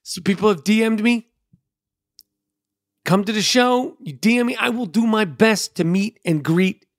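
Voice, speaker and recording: A man's voice: high voice, measured pace, no echo, clean studio sound. Profane, rambling New man. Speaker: podcast host. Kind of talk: casual monologue.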